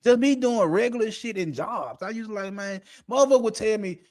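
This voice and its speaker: A man's voice: high voice, lively intonation, a little fast, hardly any pauses, darkish tone. A man hosting an unscripted monologue, blunt and profane, laughing often as he talks. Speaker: podcast host.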